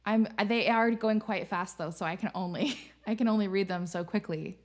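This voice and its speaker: A woman's voice: medium pitch, moderate pace. A young adult woman hosting a live stream, chatting candidly and swearing casually as she reads messages. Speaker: streamer and host.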